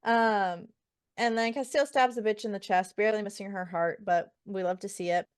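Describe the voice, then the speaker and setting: A woman's voice: medium pitch, moderate pace, clear, resonant tone, no echo, clean studio sound. A woman co-hosting a book podcast, casually recapping chapters with profanity and acted-out quotes. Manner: profane, animated retelling with quoted character lines. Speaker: podcast co-host.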